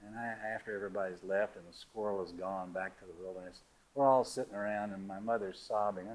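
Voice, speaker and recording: An older man from Georgia telling a personal story to listeners, lively and laughing, his voice rising high at the funny moments. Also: fast talker, low-quality recording. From Georgia, USA.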